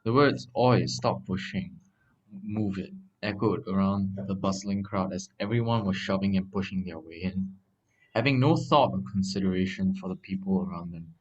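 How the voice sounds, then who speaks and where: A male student reading his essay aloud haltingly, with restarts. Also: low voice, slightly rough, lo-fi sound.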